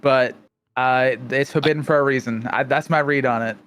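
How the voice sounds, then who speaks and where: A man's voice: medium pitch, steady tone, normal speed, a bit bright, smooth. A man on a casual roundtable panel, chatting easily and laughing often while sharing his read on a show. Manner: easy, laughs often, thoughtful asides.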